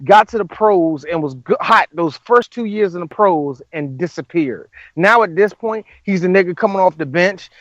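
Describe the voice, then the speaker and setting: A man's voice: high-pitched, expressive, moderate pace, few pauses, fairly bright tone, no room sound, highs cut off. A man co-hosting a podcast, riffing in profane, joking casual chat. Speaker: podcast co-host.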